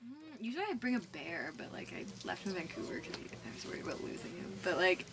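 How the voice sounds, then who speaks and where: A woman's voice: on the low side, animated, quick pace, very noisy. A young woman with a Canadian accent, a musician chatting loosely in an interview, rambling and saying "like" a lot. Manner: rambling, heavy use of "like". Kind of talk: casual interview chat.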